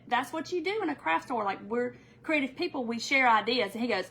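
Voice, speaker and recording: A woman's voice: a little high, a little fast, hardly any pauses. A middle-aged woman, rambling through a story to viewers while working on a live craft tutorial. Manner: rambling, animated, addresses viewers as y'all.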